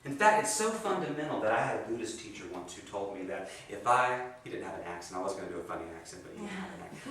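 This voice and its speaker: A man giving a sermon with a guided meditation at a spiritual center, his delivery swinging between hushed and emphatic. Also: fairly low pitch, big pitch swings, quick pace, few pauses. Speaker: guest speaker at a spiritual center. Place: meeting hall of a spiritual center. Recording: echoey hall from far off, faint noise.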